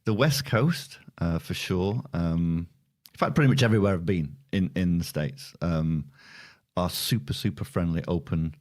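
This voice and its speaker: A middle-aged man from the north of England talks in a casual podcast conversation. His voice sits very low, and he chats easily, laughing and chiming in with agreement. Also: normal speed, a little mellow. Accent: Northern English. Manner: chatty, laughs often, frequent agreeing interjections. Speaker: podcast co-host. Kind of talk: casual chat.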